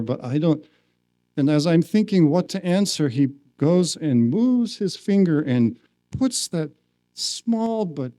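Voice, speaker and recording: A man speaking at a spiritual retreat, telling a personal story slowly and acting out the quoted lines. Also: on the high side, dark tone, no echo. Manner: slow, acts out quoted lines. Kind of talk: storytelling talk. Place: retreat hall.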